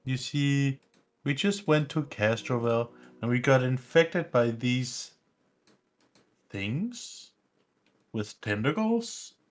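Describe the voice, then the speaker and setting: A man's voice: medium pitch, expressive, slow, long pauses. A man playing a tabletop role-playing game, recapping events in a rambling way. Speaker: player.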